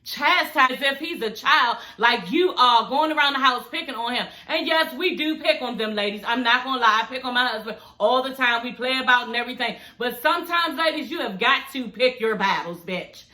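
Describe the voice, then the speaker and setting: A woman's voice: on the high side, fairly quick, few pauses, bright, forceful tone, reverberant. A woman giving casual, sassy, profane reaction commentary on a reality show, talking straight to her viewers. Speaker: vlogger reviewing a reality show.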